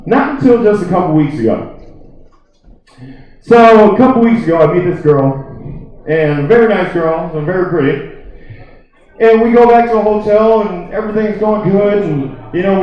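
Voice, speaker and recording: A man doing a stand-up comedy set, telling a rambling, profane story packed with "like.". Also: high-pitched. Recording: echoey, distant, dull lo-fi room recording.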